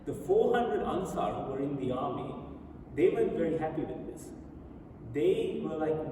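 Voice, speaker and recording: A man giving a storytelling religious lecture in a mosque, retelling events in an animated way and reading quoted speeches aloud. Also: on the high side, normal speed. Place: mosque prayer hall. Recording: very echoey hall, speaker far from mic, audible noise.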